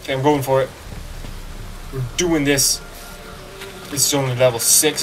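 A man giving casual, excitable commentary while playing a video game, joking and talking back to the game. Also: medium pitch, normal speed, far from the mic, over music. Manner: excitable, jokey, talks to the game. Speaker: let's play gamer.

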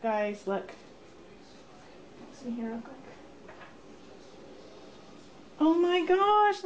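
A woman's voice: a little high, darkish tone, slight background noise. A woman vlogger unboxing a gift box, gushing and gasping with delight. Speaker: craft vlogger. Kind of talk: unboxing vlog.

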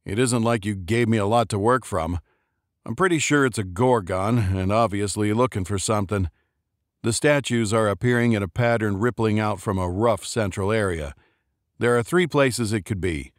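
A man voicing a brisk, capable woman on the phone who speaks in a matter-of-fact, cautioning way. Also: on the low side, no echo, studio quality, natural voice.

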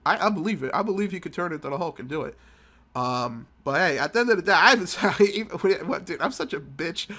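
A man's voice: a little high, expressive, fast, sharp tone. A man hosting a mobile game channel, telling a rambling, profane story while sick with a cold. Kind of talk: casual gameplay commentary.

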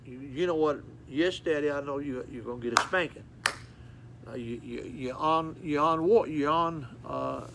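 A man preaching a sermon, folksy and repetitive, telling stories with animated acted-out moments. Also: mid-range voice, heavy background noise.

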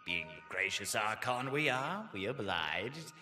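A man's voice: fairly low pitch, sing-song, measured pace, sharp tone, faint music behind, heavily acted. An actor playing a haughty, mocking male spymaster in a mask who talks of himself as "we". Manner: mocking, lofty, speaks of himself as "we".

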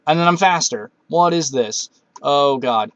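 A man's voice: fairly high pitch, unhurried, fairly bright tone, no echo, highs cut off. A man giving casual commentary while playing a video game, talking to himself and cursing at setbacks. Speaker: Let's Play gamer.

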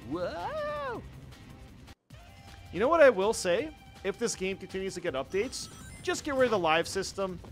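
A young man giving casual, jokey let's-play commentary, reacting loudly to the game as he plays. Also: high-pitched, a little fast. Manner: excitable, jokey, yelps at the game. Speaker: gaming YouTuber. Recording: faint game music behind.

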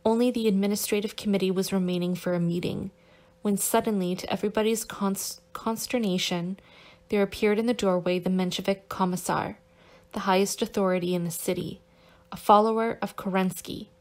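A woman narrates a novel in a steady, careful reading voice at a middle pitch. She now and then stops to correct a stumbled word. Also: brisk. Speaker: audiobook narrator.

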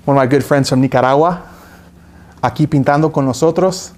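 A young man hosting a live painting lesson, relaxed and joking with chatty asides. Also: on the high side, brisk. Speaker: art instructor hosting a live painting stream. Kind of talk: casual live tutorial chat.

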